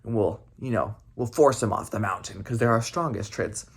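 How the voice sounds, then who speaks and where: A man voicing a council of wise old bearded Trid elders, small folk, musing slowly in a low voice in a campfire story. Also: vocal fry, breathy edge. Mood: pondering. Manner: ponderous, musing.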